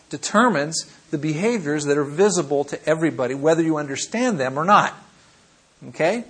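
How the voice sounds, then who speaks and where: Husky, animated American man lecturing. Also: a little high. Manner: animated, playful teacher acting out examples. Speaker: missions lecturer. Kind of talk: classroom lecture. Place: classroom.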